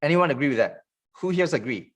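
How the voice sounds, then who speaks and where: A man giving an online sales training in a fast, joking, salesy patter. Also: on the high side, expressive.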